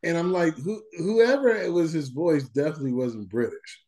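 A man co-hosting a podcast in casual chat, animated and slangy, laughing often. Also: a little high, normal speed, a crowd in the background. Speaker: podcast co-host.

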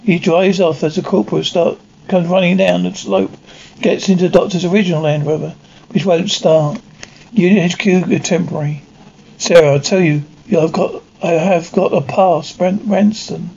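A man's voice: sits high, gravelly, darkish tone. A man reading out an audio description of an episode, speaking every part himself with frequent slips and restarts. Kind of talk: reading a described episode aloud, voicing all parts plainly. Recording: dull lo-fi recording with faint noise.

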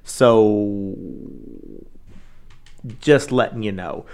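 A man's voice: fairly low pitch, drawn-out words, darkish tone. A man co-hosting a casual true-crime chat, talking loosely with many fillers and asides. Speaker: podcast co-host.

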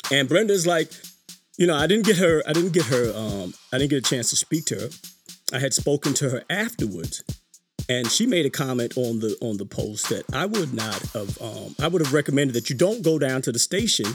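Animated man hosting a podcast. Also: mid-range voice, a little fast, faint music behind. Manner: animated storytelling with frequent restarts. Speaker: podcast host. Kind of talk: casual live-stream monologue.

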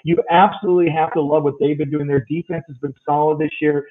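A man's voice: on the high side, steady tone, fast, slight background noise. A man hosting a podcast, chatting casually through game picks. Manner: talkative, rundown of matchups. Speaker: podcast host. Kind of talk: casual sports picks chat. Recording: tinny phone-like sound.

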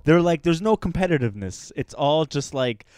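A man's voice: a little high, lively intonation, moderate pace, darkish tone, clear, resonant tone, no echo, studio quality. A man co-hosting a comedy podcast, chatting casually, laughing often and acting out other people's voices. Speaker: podcast co-host.

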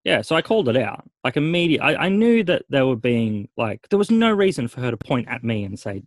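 Animated middle-aged man telling a story. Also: mid-range voice, fairly quick, no echo. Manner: animated retelling, swearing, acting out quoted voices. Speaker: podcast co-host. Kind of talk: casual storytelling chat.

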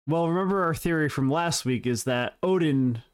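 A man's voice: on the high side, normal speed, clear, resonant tone. A man co-hosting a podcast, reading prepared facts in casual, joking banter with his co-host. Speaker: podcast co-host presenting trivia.

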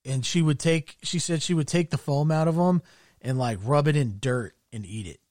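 A man in casual chat, telling crude stories with glee and dropping his voice low for the punchlines. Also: moderate pace, darkish tone, no room sound, studio quality. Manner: crude, gleeful storytelling, drops voice low for punchlines.

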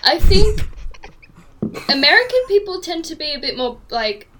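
A woman's voice: very high-pitched, very animated, normal speed, background noise. A young woman with an English accent, chatting as a podcast guest in a hedging, apologetic way, full of "like" and "I don't know". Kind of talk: casual chat.

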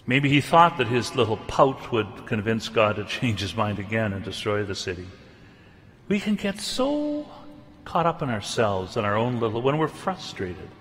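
A man preaching a sermon in an animated, chatty way that comes back to pointed remarks. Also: mid-range voice, big-room sound.

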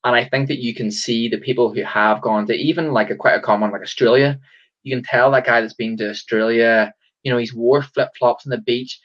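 A man hosting a casual podcast interview, thinking aloud through long, rambling reflections. His voice has an ordinary middle pitch. The recording sounds dull and lo-fi. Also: steady tone, brisk, a bit bright. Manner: rambling and reflective, full of fillers. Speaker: podcast host.

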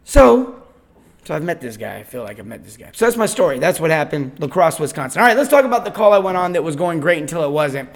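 A man hosting a sales podcast, telling a story in a casual, animated way with lots of restarts. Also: on the high side, fast, hardly any pauses. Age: adult, father of eight. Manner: animated, chatty, repeats himself. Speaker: podcast host and sales coach.

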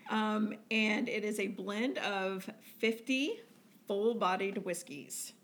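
A woman's voice: medium pitch, slow pace. A middle-aged woman co-hosting a casual podcast, easygoing and searching for words as she explains. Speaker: podcast co-host, retired firefighter. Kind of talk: casual chat.

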